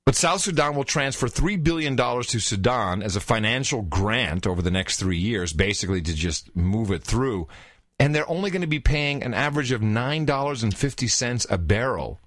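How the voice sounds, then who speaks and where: A man hosts a casual talk show and reacts to the news with animated disbelief. His pitch swings widely. The recording is close and dry. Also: moderate pace, no echo. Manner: incredulous, animated, fond of the word "wow". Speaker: podcast host.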